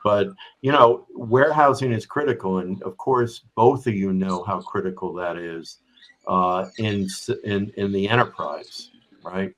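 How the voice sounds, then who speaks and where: A man's voice: lowish voice, a little slow, fairly bright tone, poor audio. Older-sounding man explaining with examples. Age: middle-aged or older. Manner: explains with examples, tags points with "right?". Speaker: guest, business strategy executive. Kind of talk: conversational explanation on a remote podcast.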